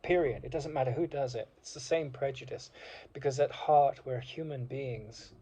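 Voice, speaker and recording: A husky, warm, mid-range male voice carries an informal reflective monologue from a university degree course alumnus. He rambles passionately, with frequent fillers and restarts.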